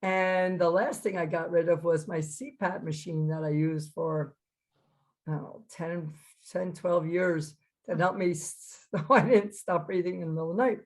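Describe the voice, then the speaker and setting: A woman's voice: on the low side, normal speed. A middle-aged woman, a PE teacher, chatting as an interview guest and acting out her own reactions as she tells her story. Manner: animated, acts out her own reactions in quotes.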